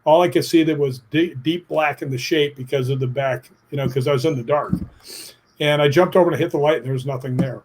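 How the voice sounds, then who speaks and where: A man's voice: on the high side, a little fast, slight background noise. A middle-aged man being interviewed, telling stories in a plainspoken, emphatic way and acting out what people said. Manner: animated storyteller who acts out quotes; emphatic, plainspoken, casual swearing. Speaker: guest. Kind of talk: interview storytelling.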